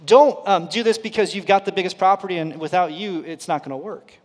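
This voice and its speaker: A male pastor preaching a sermon in an earnest, conversational way, his loudness rising and falling sharply. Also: high-pitched, a little fast. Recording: long reverb of a large hall.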